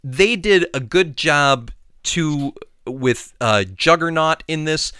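A man's voice: a little high, lively intonation, slow pace, sharp tone, clear, resonant tone, dry recording. A man co-hosting a podcast in casual chat, rambling with many restarts and laughing easily. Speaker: podcast co-host.

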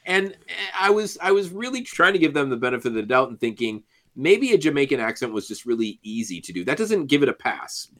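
A man's voice: medium pitch, sing-song, fairly quick, fairly bright tone. A man co-hosting a podcast in casual discussion, joking and laughing often. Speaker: podcast co-host.

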